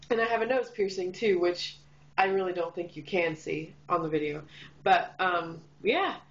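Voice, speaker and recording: A woman's voice: mid-range voice, a bit bright, highs cut off. A young woman from Kansas with a Midwestern accent and a slight Southern twang, chatting casually to camera in a vlog, bubbly and full of fillers. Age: young adult. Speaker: vlogger. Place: room lit by a window.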